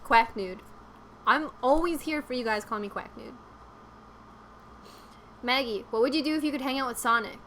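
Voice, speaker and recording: A woman's voice: on the high side, moderate pace, long pauses, a bit bright, slight background noise. A young woman chatting casually on a live stream, rambling with lots of fillers and giggles.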